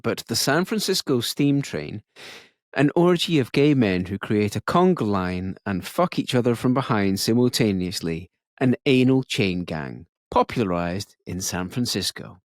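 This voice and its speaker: A man's voice: lowish voice, expressive, unhurried, dry recording. Wry male podcast host, dry close sound. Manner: wry, playful questioner. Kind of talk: casual chat.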